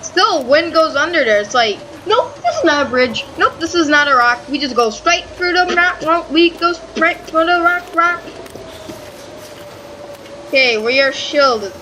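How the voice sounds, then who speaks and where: A woman casually commenting on her own gameplay, excitable and swearing freely as she talks back at the game. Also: sits high, unhurried, slight background noise, poor audio. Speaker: gaming channel host. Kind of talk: casual let's-play commentary.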